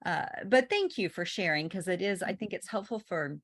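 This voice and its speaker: A woman's voice: fairly low pitch, animated, normal speed. A woman hosting a podcast, chatting casually and encouragingly with her guest. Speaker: podcast host. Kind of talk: casual interview chat.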